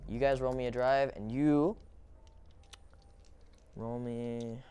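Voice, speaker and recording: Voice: medium pitch, steady tone, takes it slowly, mellow, a little hiss or hum. A game master narrating a tabletop game in a playful, theatrical way.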